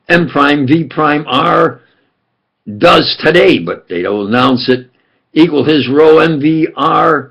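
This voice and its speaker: An older man from New York with a New York accent, telling rambling stories in a gravelly, husky voice that swings between loud and soft. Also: medium pitch, highs cut off. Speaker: self-styled preacher and physicist. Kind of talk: rambling monologue.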